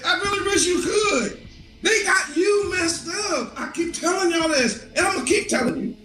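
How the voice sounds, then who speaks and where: Fired-up preacher guy, real high voice, slow and drawn out, faint music behind. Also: roomy sound. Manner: impassioned, shouting and laughing, swings between high and low. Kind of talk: street sermon.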